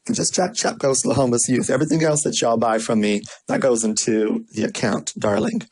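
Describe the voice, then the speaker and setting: A vlogger telling a story in a sassy, animated way and then giving casual marketing tips. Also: a little fast, low-quality recording. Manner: acts out quoted voices with big pitch swings. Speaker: vlogger and small business owner.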